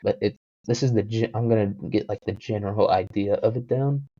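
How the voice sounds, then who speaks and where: A man hosting his own podcast, rambling through a story with jokes and self-deprecating asides. His low, mellow voice comes through a dull, lo-fi home mic with a very dry sound. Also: brisk, no echo. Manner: joking, self-deprecating, full of fillers. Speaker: podcast host.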